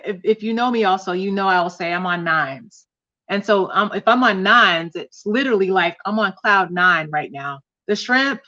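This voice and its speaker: A woman's voice: medium pitch, pushed and bright, lo-fi sound. A woman hosting a casual livestream chat, talking in a confiding way to viewers and reading out their comments. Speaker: host.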